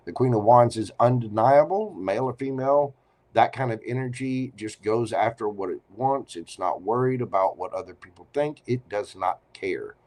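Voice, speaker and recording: A man giving a live tarot reading, chatty and expressive, speaking straight to the viewer. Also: mid-range voice, normal speed. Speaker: tarot reader.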